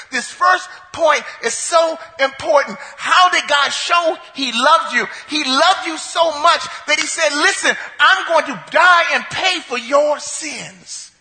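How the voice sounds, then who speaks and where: A man delivers a sermon in a very high, ringing voice. He preaches emphatically, repeating phrases and rising to shouts. His voice trails into the long reverb of a large hall. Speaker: pastor.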